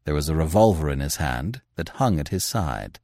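A man narrating a classic story aloud, in a deep, expressive storytelling manner, on a close mic. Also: normal speed, no echo. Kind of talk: audiobook narration.

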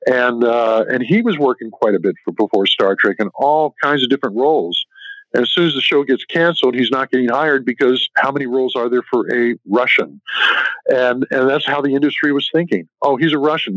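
A man's voice: mid-range voice, a bit bright, no room sound. Male author guest, anecdotal storyteller, dry dull lo-fi sound. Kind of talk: interview answers.

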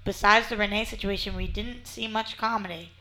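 A woman's voice: mid-range voice, fairly even intonation, a little fast, pushed and bright, rough recording. A young woman co-hosting a casual TV recap chat, chatty and fond of rhetorical questions. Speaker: podcast co-host.

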